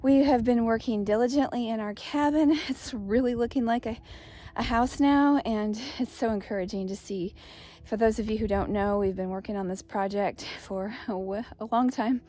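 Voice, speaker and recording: A woman's voice: on the high side, normal speed, dark tone. A middle-aged woman, casually chatting in a homestead vlog while walking outdoors. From East Tennessee. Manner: chatty, rambling, upbeat. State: out of breath. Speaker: homestead vlogger.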